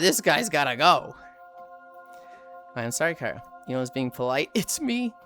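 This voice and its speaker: Animated woman streamer chatting casually. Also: deep voice. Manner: animated storytelling, laughs often. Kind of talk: casual livestream chat.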